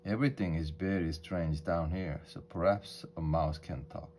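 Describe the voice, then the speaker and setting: Worried little girl in a storybook, man reading her in his low voice, soft and wondering. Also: fairly even intonation, moderate pace, slight background noise. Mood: hopeful. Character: young girl Alice, puzzled and anxious.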